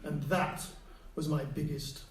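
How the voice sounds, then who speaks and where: Animated storytelling man on a stage. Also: on the high side, takes it slowly. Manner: animated, acts out quoted voices. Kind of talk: live personal storytelling. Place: stage before a live audience. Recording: echoey hall, distant mic, faint hiss.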